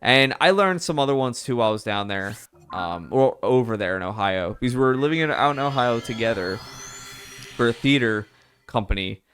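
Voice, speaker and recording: A man's voice: medium pitch, expressive, moderate pace, fairly bright tone, soft background music. Man rambling casually over gameplay. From Philadelphia area. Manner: rambling, restarts often. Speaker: gaming streamer.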